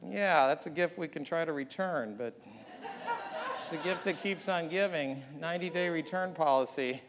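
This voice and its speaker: A man's voice: a little high, normal speed, a crowd in the background. A man preaching a sermon as pastor, building up with emphatic repeated lines. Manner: preaching with rising, emphatic repetition. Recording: long hall reverb.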